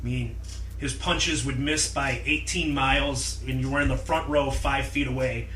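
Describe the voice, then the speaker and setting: A man telling a story in casual chat, animated and acting out quotes in loud voices. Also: medium pitch, normal speed. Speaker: podcast guest. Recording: roomy, distant mic with clear noise.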